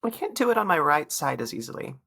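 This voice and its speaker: A woman's voice: deep voice, sing-song, quick pace, creaky, fairly bright tone, breathy edge. A woman co-hosting a podcast in casual chat, asking curious follow-up questions. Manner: inquisitive, asks follow-up questions. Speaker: podcast co-host.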